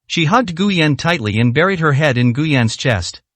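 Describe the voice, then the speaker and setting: Man narrating a story, lively pitch. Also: normal speed, no echo.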